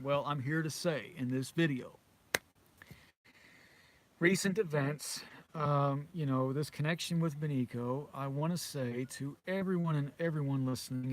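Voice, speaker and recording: Rambling, chuckling British man. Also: on the high side. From Britain. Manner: conspiratorial, repetitive, with frequent chuckles. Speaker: vlogger. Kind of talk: rambling monologue to camera.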